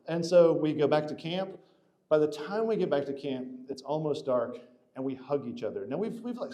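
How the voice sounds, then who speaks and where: A man with a mellow, darker voice recounts a story in casual conversation. He rambles, restarts his sentences and fills pauses as he goes, at a middling pitch. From Atlanta area. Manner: animated, rambling with many restarts and fillers.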